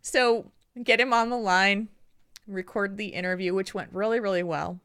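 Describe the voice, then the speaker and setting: Woman podcast host, bright voice, dry close mic, lively self-mocking storyteller. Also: medium pitch, moderate pace, clean tone, no room sound. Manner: animated, self-deprecating storyteller. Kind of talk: casual podcast chat.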